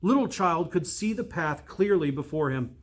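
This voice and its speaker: A priest reading a storybook aloud, slow and measured, dropping to a hush for suspense. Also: male voice, a little high, lively intonation.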